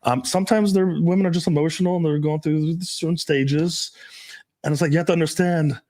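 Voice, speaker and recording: A man's voice: a little high, steady tone, fairly quick, mellow. Laid-back man talking casually. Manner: loose and profane, many fillers, laughs often. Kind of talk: casual podcast chat.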